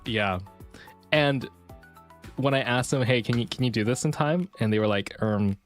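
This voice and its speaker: A streamer in a casual chat stream, telling stories in an animated, ranting way. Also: medium pitch, normal speed, pauses often, faint music behind.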